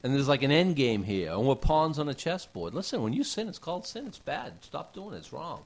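A man's voice: mid-range voice, very animated, a little fast. A man preaching a casual sermon, talking conversationally with rhetorical questions and folksy asides.

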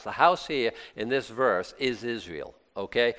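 Brief: conversational male preacher, lively pitch, mid-range voice, reverberant hall. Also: unhurried, hardly any pauses. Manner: animated, conversational, with exclamations and restarts. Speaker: pastor. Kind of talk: sermon.

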